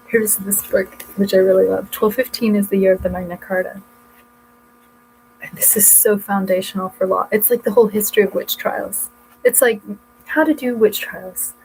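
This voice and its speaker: A woman's voice: mid-range voice, slight background noise, low-quality recording. A woman vlogging at home in a casual, rambling way, often breaking off mid-thought as she shows her books. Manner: rambling, chatty, self-interrupting. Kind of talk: casual chat showing books.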